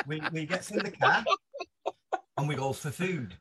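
A man telling a long story as a podcast guest, animated and laughing often, slipping into voices for the people in it. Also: on the high side, normal speed, slight background noise. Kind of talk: casual anecdote telling.

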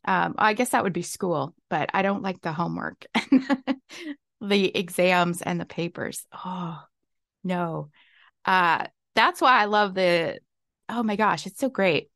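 A woman's voice: lowish voice, a little slow, creaky, fairly bright tone, no echo, clean studio sound. A woman hosting her own podcast, talking casually and exuberantly, laughing often. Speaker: podcast host. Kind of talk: casual solo podcast talk. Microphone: desk mic.

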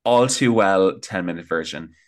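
Man, podcast guest, low-pitched, excitable talk full of fillers. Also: normal speed. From Ireland. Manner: chatty, enthusiastic, lots of "like" fillers. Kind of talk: casual chat.

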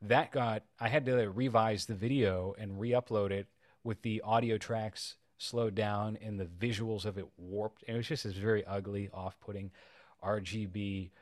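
A man's voice: on the low side, fairly even intonation, normal speed, no room sound. A man co-hosting a podcast in casual chat, crude and sarcastic, rambling through long asides. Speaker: podcast co-host.

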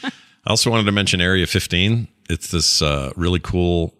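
A man's voice: deep voice, moderate pace, a bit bright, no echo, studio quality. A man from Utah co-hosting a podcast, chatting in a rambling, joking, self-deprecating way. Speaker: podcast co-host. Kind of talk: casual chat.

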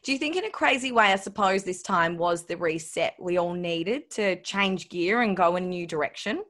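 A woman's voice: lowish voice, expressive, moderate pace, a bit bright. A woman hosting a conversational interview, asking questions and giving short supportive replies. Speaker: podcast interviewer.

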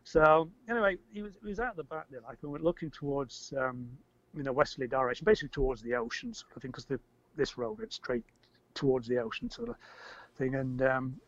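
An older man tells a story as an interview guest, rambling, repeating words and getting animated when he acts out shouting. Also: mid-range voice, fairly quick. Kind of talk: casual storytelling. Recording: dry, slightly muffled audio.

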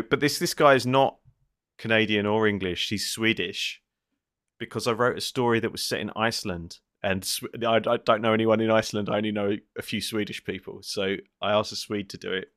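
A man's voice: lowish voice, brisk, no echo, studio quality. A man hosting a comedy podcast, chatting casually and hesitantly as he introduces a story. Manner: relaxed, hesitant with fillers. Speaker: podcast host and writer. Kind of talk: casual chat.

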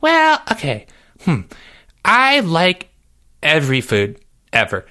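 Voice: medium pitch, huge pitch swings, takes it slowly, pushed and bright, full character voice. A performer voicing a cheerful, clueless boy character who rambles with lots of hesitations in a comedic Q&A. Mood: silly. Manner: rambling, playful, many hesitations.

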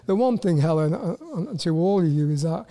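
High-voiced Welsh man in his 60s. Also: animated, warm tone. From Wales. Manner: halting, repeats words, self-deprecating. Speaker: guest, former footballer. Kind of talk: casual interview chat.

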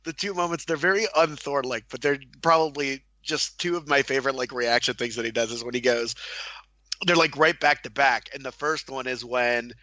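A man's voice: medium pitch, normal speed, sharp tone, no echo, lo-fi sound. A man co-hosting a casual film podcast, enthusiastic, laughing often and acting out movie lines. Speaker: podcast co-host.

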